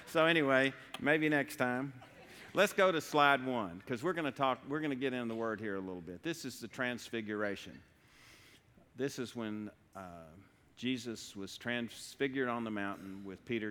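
A man's voice: mid-range voice, animated, moderate pace, pushed and bright. A middle-aged man, speaking as a guest speaker at church, folksy and self-deprecating. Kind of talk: humorous church talk. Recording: long hall reverb.

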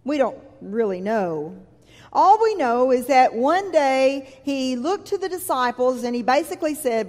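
A woman preacher delivers a sermon in a church, her fairly high voice rising and falling with lively inflection. She takes her time, retelling scripture in a vivid, conversational way. The sound carries the long reverb of a large hall. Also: measured pace.

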